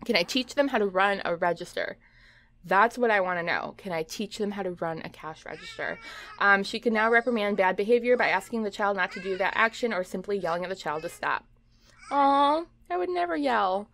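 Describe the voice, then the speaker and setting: A young woman chatting her way through a video game, giggling often and scolding her game characters. Her voice sits at an ordinary mid pitch for a woman. The delivery is loose, casual gameplay commentary. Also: fairly bright tone, slight background noise. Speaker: let's play host.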